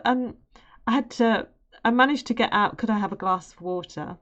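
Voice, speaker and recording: A woman's voice: fairly high pitch, moderate pace, a bit bright, highs cut off. A young adult woman on an art stream, animatedly telling a personal story with laughs. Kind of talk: casual storytelling on a live stream.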